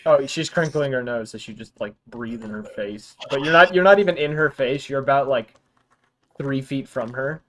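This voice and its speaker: A man's voice: mid-range voice, normal speed, fairly bright tone, slight background noise. Chatty man running a tabletop game. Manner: laughing often, loose and chatty. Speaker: game master.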